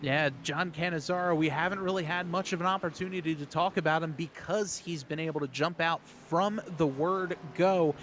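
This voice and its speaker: A man doing energetic play-by-play commentary on a race, calling positions and passes. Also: a little high, normal speed, a little hiss or hum.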